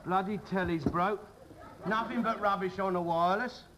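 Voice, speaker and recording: A man's voice: high-pitched, fairly even intonation, normal speed, lightly acted. An actor playing a cantankerous, argumentative working-class father in a 1960s television sitcom. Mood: lecturing. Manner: blustering, argumentative, bursts into shouting. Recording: noisy old television recording.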